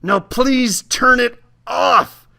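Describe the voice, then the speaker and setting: A man reading aloud and voicing a bossy, eccentric old woman who squawks her orders in a high, strained voice. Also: extremely slow, gravelly, pushed and bright, exaggerated voice. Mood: strained, cross. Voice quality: squawking, screechy.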